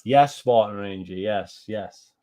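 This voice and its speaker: A man's voice: on the low side, slow, warm tone. A British man giving casual reaction commentary on gaming news, ranting and swearing, repeating himself and answering live chat.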